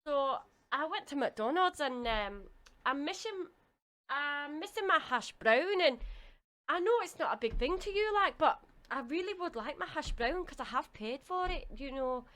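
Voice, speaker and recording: Playfully aggrieved and rambling, this voice from a woman doing a thick Scottish accent sits high in pitch. It halts with fillers, circling a petty complaint in jokey chat. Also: expressive, moderate pace, fairly bright tone. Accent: put-on Scottish. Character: woman grumbling about a missing hash brown. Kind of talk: joking impression.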